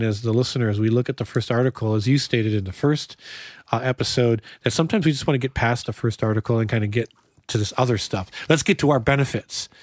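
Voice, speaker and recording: A man's voice: mid-range voice, no room sound. A man who is a pastor and podcast host, talking earnestly and reflectively in a casual discussion, often restarting his sentences.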